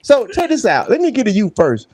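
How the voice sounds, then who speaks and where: A man hosting a live-stream show, chatting casually and giving animated, slangy shout-outs to viewers. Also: high voice, a little fast, slight background noise. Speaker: host.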